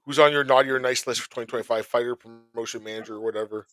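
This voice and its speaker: A man hosting a podcast in casual chat, rambling through topics with quick joking asides. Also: mid-range voice, steady tone, fairly bright tone, no room sound. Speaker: podcast host.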